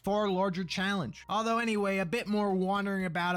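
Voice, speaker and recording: A man's voice: sits high, quick pace, few pauses, a bit bright, clean tone. A man with a northeastern US accent narrating gameplay commentary, sardonic and profane. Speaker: video narrator. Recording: played from a video.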